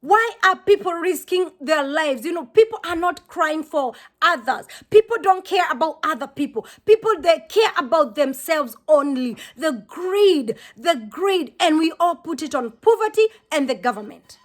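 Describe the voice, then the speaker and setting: A high-pitched woman from Kenya speaks to her viewers in an earnest vlog. She pleads and lectures with deep feeling and says key words twice. Her bright voice keeps pushing. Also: expressive, moderate pace, few pauses. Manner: impassioned, preachy, repeats herself. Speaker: vlogger.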